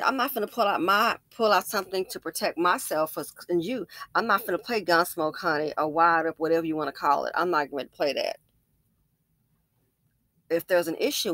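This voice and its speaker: A woman's voice: fairly low pitch, animated, normal speed, a bit bright, no room sound. A woman hosting a casual commentary video, telling stories emphatically and often digressing. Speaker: commentary channel host.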